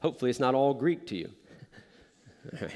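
A man's voice: mid-range voice, lively intonation, normal speed, darkish tone, in a large hall. A man preaching a sermon in a conversational, self-deprecating way, often joking with the congregation. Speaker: pastor.

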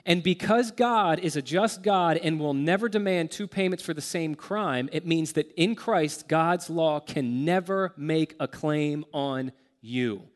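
Emphatic male pastor in a reverberant hall. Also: a little high. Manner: earnest, emphatic, slows down to stress key words. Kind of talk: sermon.

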